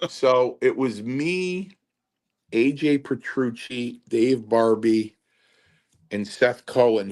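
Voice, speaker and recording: A man, a guest on a podcast, telling a story casually and acting out the quotes as he goes. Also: lowish voice. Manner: animated, acts out quotes in the story. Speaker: guest, former wrestler.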